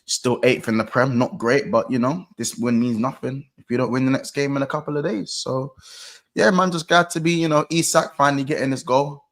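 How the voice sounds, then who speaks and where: A young man chatting casually about football on a podcast, laid-back and slangy, trailing off quietly. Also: medium pitch, fairly even intonation, a little fast. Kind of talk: casual chat.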